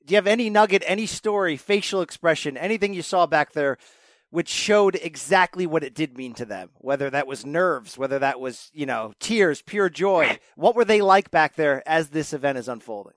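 Male podcast host, upbeat and emphatic, a bit higher voice, dry close sound. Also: normal speed, no room sound. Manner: energetic, emphatic, chatty. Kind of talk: casual podcast chat.

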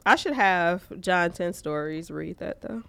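A woman co-hosting a podcast, chatting casually and telling stories in an animated, profane way. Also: fairly low pitch, unhurried, creaky, smooth, no room sound. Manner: profane, animated storytelling with frequent laughs. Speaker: podcast co-host. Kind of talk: casual chat.

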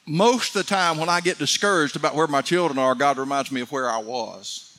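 A middle-aged man preaching a fervent sermon, building to excited peaks. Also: fairly high pitch, a little fast. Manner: fervent, rising to shouts of excitement. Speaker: pastor.

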